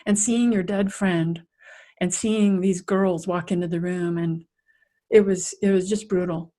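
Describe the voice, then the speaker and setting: With a voice on the low side and a measured pace, a middle-aged resilience coach describes a personal experience in an interview. She makes it vivid and animated by acting out the scenes.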